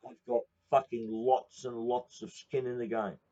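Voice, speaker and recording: A man's voice: medium pitch, little pitch movement, normal speed, dark tone, lo-fi sound. An Australian man from Queensland giving a blunt, profane, confrontational address to his viewers. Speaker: protest movement speaker.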